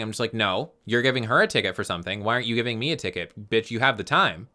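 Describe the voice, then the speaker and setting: Podcast co-host, man in his twenties, lowish voice, animated and profane storyteller. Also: quick pace. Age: 20s. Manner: animated storytelling, swears freely. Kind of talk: casual chat.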